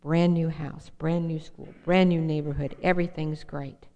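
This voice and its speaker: A woman with a low voice tells her own story from a podium, emotional and earnest. Her words ring out with a long reverb trailing through the hall. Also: level tone, moderate pace, mellow, lo-fi sound. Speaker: speaker sharing her recovery story at a meeting. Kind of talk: personal testimony talk.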